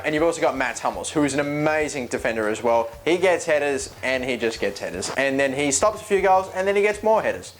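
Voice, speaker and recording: A man's voice: mid-range voice, a little hiss or hum. A man giving casual, joking gaming commentary, chatty and rambling, often correcting himself mid-sentence. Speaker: video game YouTuber.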